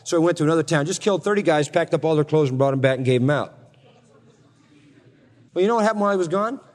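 Speaking quickly with a somewhat high pitch and a darkish tone, a pastor narrates a Bible passage during his sermon. He keeps it conversational and wry, tossing asides to the audience in a reverberant hall.

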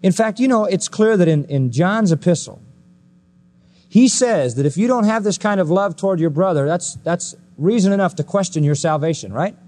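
A man preaching a sermon, emphatic and full of rhetorical questions, often swinging his pitch up high and dropping it low. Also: lively intonation, moderate pace, dark tone.

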